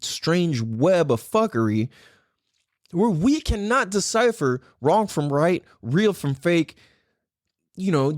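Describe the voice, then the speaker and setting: A male podcast host who rants in a loose, rambling way and swears constantly. His pitch sits a little high and swings widely as he talks, and the sound is close and dry with no room around it. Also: no echo. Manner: profane, animated, rambling. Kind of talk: casual podcast rant.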